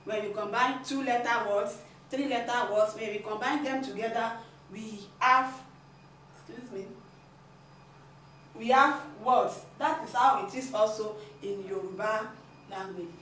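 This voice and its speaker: A woman's voice: a little high, a little slow, fairly bright tone, slight background noise. A woman giving a language lesson, explaining patiently and repeating her points. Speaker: language teacher. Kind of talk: classroom lesson. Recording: echoey room, mic at a distance.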